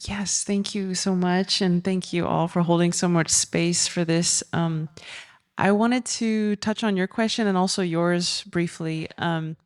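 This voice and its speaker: Smooth-voiced woman speaking on a panel. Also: lowish voice, measured pace, no echo, clean studio sound. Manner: chatty, animated storytelling with many fillers. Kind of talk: conversational panel remarks.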